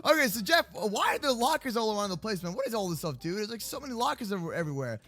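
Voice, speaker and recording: A man hosting a playful Minecraft roleplay video, excitable and joking, full of slang. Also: high voice, fast, no room sound, soft background music. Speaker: roleplay host.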